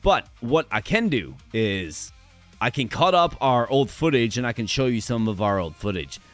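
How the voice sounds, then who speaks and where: A man with a hoarse voice, chatting energetically with viewers during a live stream. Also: medium pitch, big pitch swings, normal speed, a bit bright, faint music behind.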